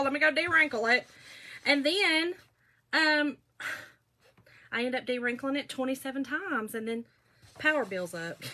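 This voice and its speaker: A woman's voice: high-pitched, pushed and bright, a little hiss or hum. Chatty woman hosting a craft stream. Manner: chatty and folksy, reads viewer comments aloud. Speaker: craft livestream host. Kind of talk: casual crafting livestream chat.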